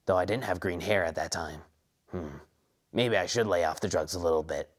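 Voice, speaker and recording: A man's voice: low voice, brisk. A young man voicing a boastful, arrogant young rich male duelist in a comedy parody, talking smugly about himself. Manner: smug, bragging.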